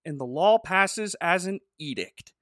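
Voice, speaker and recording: A man's voice: high voice, lively intonation, measured pace, pushed and bright, no room sound, clean studio sound. A man co-hosting a podcast, recapping a TV episode in a sarcastic, jokey way. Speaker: podcast co-host. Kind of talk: casual chat recapping a TV episode.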